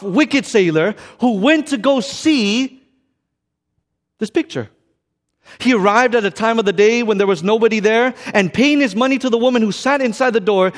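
High-voiced man preaching in a reverberant church. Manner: dramatic storytelling, swings from loud to hushed. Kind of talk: sermon. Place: church sanctuary. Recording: long reverb of a church sanctuary.

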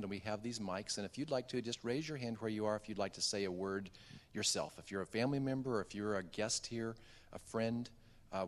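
A man leading a memorial service in a church, giving clear instructions and emphasizing points. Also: fairly low pitch. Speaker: church leader running the service. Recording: long church reverb.

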